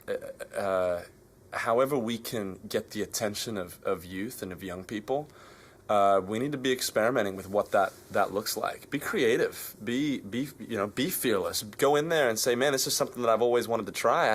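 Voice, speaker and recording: A man's voice: lowish voice, normal speed. An Australian man, a musician guest, speaking earnestly and repeating his points in a casual interview. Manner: earnest, fervent, repeats phrases.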